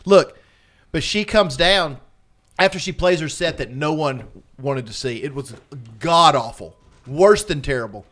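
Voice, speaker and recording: A man's voice: a little high, measured pace, a bit bright. Profane storytelling man on a podcast. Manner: profane storyteller who acts out quotes. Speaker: podcast regular. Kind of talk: casual chat.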